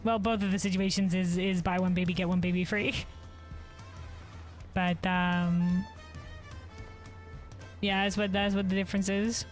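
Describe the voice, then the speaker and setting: A woman's voice: on the low side, flat delivery, a little slow, long pauses, faint music behind. A woman streaming a game, talking in a chatty, playful way and correcting herself as she goes. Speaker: gaming streamer. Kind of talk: casual gameplay commentary.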